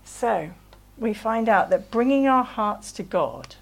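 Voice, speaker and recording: Gentle woman preaching. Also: a little high, very animated, slow pace, creaky, poor audio. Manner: gentle, conversational, uses tag questions. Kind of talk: sermon.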